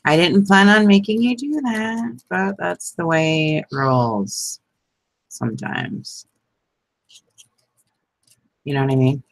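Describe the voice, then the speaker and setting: A crafting vlogger speaks slowly in a lowish, gravelly voice, pausing often as she makes envelopes and chats with viewers by name, laughing frequently. There's no room sound, and the recording is rough.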